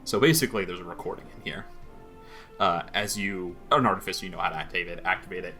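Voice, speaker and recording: Guy running a tabletop game, lowish voice, bright and punchy, rambles with lots of uh, faint music behind. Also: fast. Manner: rambling, many fillers while describing. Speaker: game master.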